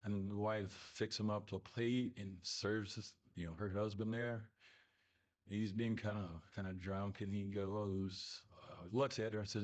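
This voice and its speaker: A man casually telling a family ghost story in a rambling, halting way full of fillers. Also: on the low side, fairly even intonation. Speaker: listener telling a submitted story.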